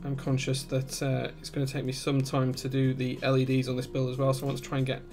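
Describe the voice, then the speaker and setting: A man hosts a live build stream, explaining each step methodically and breaking off to answer chat. His voice has a gravelly texture. Soft music plays faintly behind him. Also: medium pitch, monotone, quick pace.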